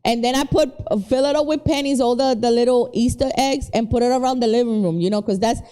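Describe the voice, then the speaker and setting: A middle-aged woman with a New York accent tells stories with lively energy, tossing in Spanish exclamations. Her voice sits a little high for a woman. She talks like a podcast co-host in a loose, casual chat. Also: quick pace. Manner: animated storyteller, mixing Spanish exclamations.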